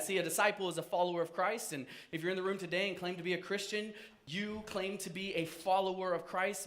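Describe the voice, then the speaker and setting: A man gives a casual, animated sermon in a fairly high voice. He talks conversationally and pokes fun at himself. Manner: conversational, self-joking, animated. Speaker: pastor.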